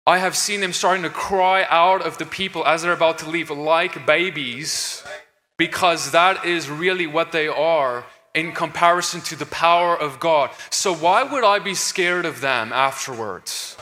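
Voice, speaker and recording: At a measured pace, the deliverance ministry speaker delivers an earnest, emphatic, preaching stage discussion with many restarts. His voice is bright and set a little high, echoing with long reverb through the large hall.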